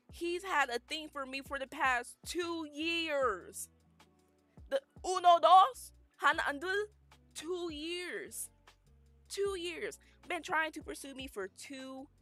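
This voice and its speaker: A young woman streaming and telling a story in a casual, animated, emphatic way. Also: on the high side. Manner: animated, emphatic, dramatic retelling.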